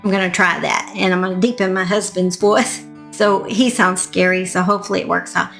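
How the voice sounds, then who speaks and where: A woman's voice: medium pitch, steady tone, brisk, vocal fry, a bit bright, faint music behind. Chatty woman hosting a true crime channel. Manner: chatty, self-mocking, mild fake swearing. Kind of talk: casual chat and scripted outro narration.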